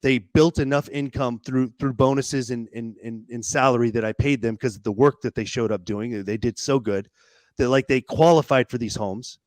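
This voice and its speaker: A man telling a personal story as a podcast guest, animated and casual, swearing freely and repeating words as he hurries on. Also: medium pitch, normal speed, no room sound.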